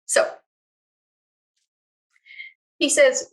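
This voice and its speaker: A woman recounting a personal memory with expressive, self-mocking delivery. Her pitch sits in the middle for a woman but swings widely as she tells it. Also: moderate pace. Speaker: storyteller. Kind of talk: personal storytelling to camera.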